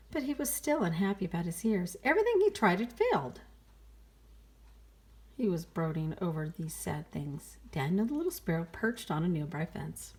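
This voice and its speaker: A woman reading a children's picture book aloud, playful and expressive, sighing and exclaiming along with the story. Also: on the low side.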